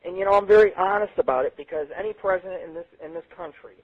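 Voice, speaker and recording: Husky-voiced man hosting a tinny radio show. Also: fast. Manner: profane, rambling, with sudden jumps in pitch. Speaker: internet radio show host. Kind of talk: rambling late-night radio storytelling. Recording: tinny phone-like sound.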